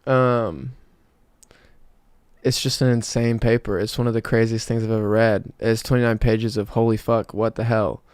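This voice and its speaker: Hosting a laid-back livestream, a South Georgia man in his twenties reads chat and rambles, restarting often and leaning on fillers. His fairly low voice keeps a level tone at normal speed, a little mellow, clear, and resonant, with no room sound.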